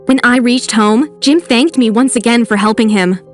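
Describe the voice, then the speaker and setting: A woman narrating in the first person as a brave, sarcastic teenage schoolgirl in an animated story. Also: fairly high pitch, moderate pace, faint music behind, close to an everyday voice. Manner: sarcastic, determined.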